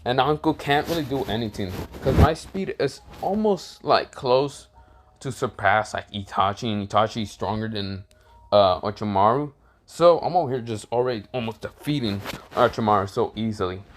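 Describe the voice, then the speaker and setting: A man's voice: on the low side, normal speed, a little hiss or hum. A man casually improvising a fan-fiction story aloud, rambling with fillers and restarts and swearing freely.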